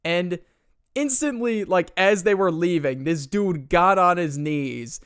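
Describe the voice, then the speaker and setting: A man's voice: high-pitched, slow, a bit bright, clean tone, dry recording, clean studio sound. A young man narrating a comedic story in casual slang, exasperated and mocking. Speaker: storytime commentator.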